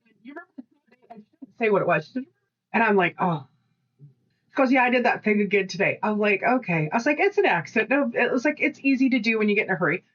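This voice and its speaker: A woman co-hosting a casual podcast, telling animated work stories, acting out voices and swearing freely. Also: mid-range voice, quick pace, highs cut off. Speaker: podcast co-host. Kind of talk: casual storytelling chat.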